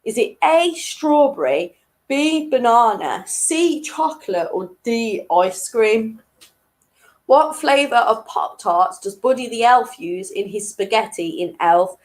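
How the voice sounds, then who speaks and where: Female quiz host, fairly high voice, unhurried delivery, chatty and self-mocking. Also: expressive. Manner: reads each question twice, slowly and clearly; chatty, laughs at her own jokes. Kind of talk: hosting an online weekly quiz.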